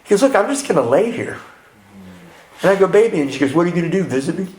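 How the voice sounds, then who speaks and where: A man with a high, fast, slightly mellow voice and big pitch swings speaks at a men's retreat, candidly recounting his recovery and voicing the people in the story. There's a little hiss or hum and a roomy echo from the retreat hall.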